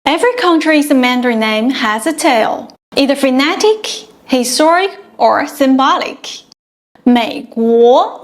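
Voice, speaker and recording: Teacher: a high, unhurried woman who reads a scripted beginner lesson and models each sound carefully. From China. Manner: slow, careful modeling of pronunciation. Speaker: Mandarin teacher.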